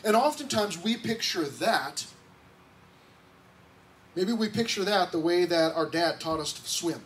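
High-voiced excitable pastor preaching. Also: male voice, measured pace. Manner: excitable, conversational preaching with frequent restarts. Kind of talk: sermon. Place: church sanctuary. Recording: distant mic, faint background noise.

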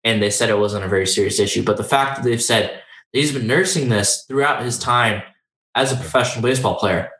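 A man's voice: lowish voice, a little fast, fairly bright tone. Young man chatting, echoey room. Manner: rambling, many fillers and restarts. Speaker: podcast co-host. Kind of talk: casual sports chat. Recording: roomy echoey recording.

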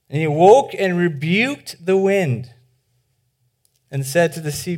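A pastor giving a sermon in an informal, animated way. He often says "like", restarts his sentences and acts out the voices in the stories. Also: high-pitched, measured pace.

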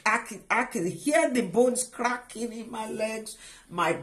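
A middle-aged woman giving an emotional personal testimony, halting and restarting often as she speaks. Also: a little high. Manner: halting and emotional, with many restarts and trailing phrases. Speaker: guest sharing a personal testimony.

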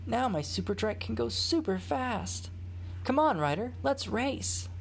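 A woman reading a storybook aloud, voicing an eager, excitable young boy with a raised, bright voice. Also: fairly high pitch, measured pace, vocal fry, a little hiss or hum, pitched above the performer's own voice, exaggerated voice.

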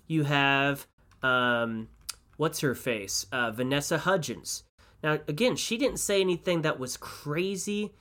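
A man in casual podcast chat, ranting with lively exasperation and tripping over his own restarts. His pitch sits in an ordinary middle range, and his delivery jumps between quick bursts and drawn-out phrases. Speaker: podcast co-host.

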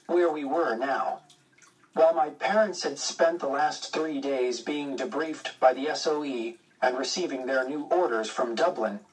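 Steady male storyteller, mid-pitched, reads first person, slightly distant mic. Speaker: audiobook narrator. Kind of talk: first-person audiobook narration.

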